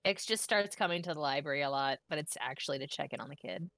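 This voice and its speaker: A woman player in a tabletop game, talking in an animated, giggly way. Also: deep voice, quick pace, no echo, clean studio sound. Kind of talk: casual in-character play.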